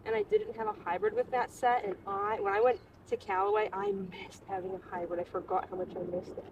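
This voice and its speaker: A woman's voice: mid-range voice, very animated, fairly quick, vocal fry, noisy background. A young woman talking her way through a round of golf, chatty and coaching herself over each shot. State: out of breath from running between shots. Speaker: golf vlogger. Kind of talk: casual self-narrated golf vlog. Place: outdoor golf course at dusk.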